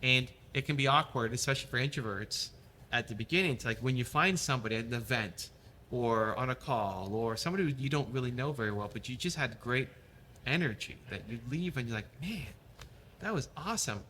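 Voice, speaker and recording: A man's voice: mid-range voice, fairly quick, pushed and bright, slight background noise. A man giving upbeat motivational advice as a guest in an interview. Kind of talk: casual interview chat.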